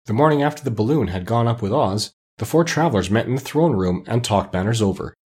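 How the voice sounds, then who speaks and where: A man narrating a classic children's book as an expressive audiobook reading. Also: fairly low pitch, fast talker, breathy edge. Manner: expressive storytelling. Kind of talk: scripted narration.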